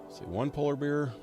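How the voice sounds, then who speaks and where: A man giving casual gameplay commentary on a live stream, relaxed and rambling, coughing often. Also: a little high. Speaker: game streamer.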